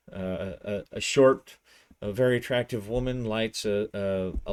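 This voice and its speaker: Male solo-game narrator, low and unhurried, loose storytelling with restarts. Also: smooth, no echo.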